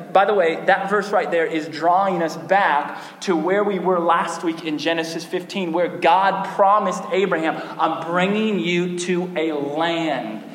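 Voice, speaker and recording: A man preaching a sermon in an animated way, with repeated restarts and sudden bursts of emphasis. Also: on the high side, measured pace, few pauses. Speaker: pastor. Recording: echoey hall with long reverb.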